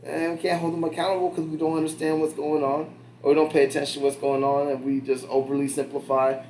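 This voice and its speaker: A man's voice: on the high side, flat delivery, fast talker, a little mellow, a little hiss or hum, poor audio. A young man talking casually as a podcast host, rambling with lots of fillers and the odd curse word. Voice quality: rambling, full of fillers and swearing. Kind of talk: casual chat.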